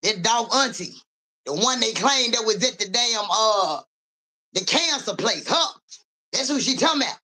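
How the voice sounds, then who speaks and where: On this casual livestream a woman acts as a psychic reader, her voice high-ish, animated, pushed and bright at an ordinary pace. She uses profane street slang, calls on viewers by name, asks "you hear me" over and over, and now and then coughs and clears her throat.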